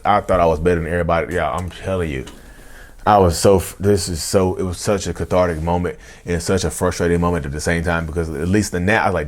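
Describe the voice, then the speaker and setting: A man in his thirties telling his own story straight to viewers, who keeps saying "y'all" and "you know" and acts out his old outbursts in a loud, raised voice. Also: fast talker. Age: 30s. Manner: animated, acts out past outbursts in a loud high voice. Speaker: vlogger. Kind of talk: confessional storytelling.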